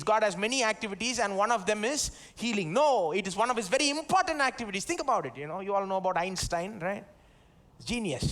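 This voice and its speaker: A man with an Indian English accent and a notably high voice delivers a live sermon in a church service. He talks in a loose, conversational way, full of tag questions. He calls on the congregation to repeat his words back to him. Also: fairly bright tone. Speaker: pastor.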